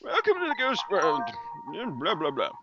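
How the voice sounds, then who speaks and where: A man doing a deliberately awful impression of a brisk, bossy old grandpa who guides a ghost, in a dull lo-fi recording. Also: sits high, wildly swooping pitch, pitched above the performer's own voice. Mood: hammy. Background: game music.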